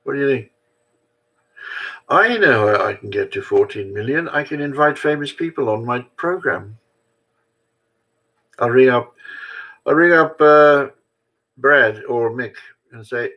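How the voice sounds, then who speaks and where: Brief: older guy chatting to his camera, wry and rambling, at an everyday pitch. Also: expressive, unhurried, long pauses, sharp tone, low-quality recording. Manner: self-mocking, chatty, digressive. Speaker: vlogger. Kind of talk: rambling casual monologue.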